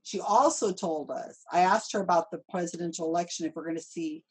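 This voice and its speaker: A woman hosting a casual conversation, telling stories in a chatty, animated way. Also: fairly low pitch, brisk, slightly rough, poor audio. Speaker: host.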